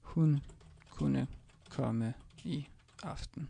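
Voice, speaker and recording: Slow, gravelly man teaching with many pauses. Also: fairly high pitch, lively intonation, a little mellow, no echo. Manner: hesitant, many ums and restarts. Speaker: language teacher. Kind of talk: screencast lesson, typing examples.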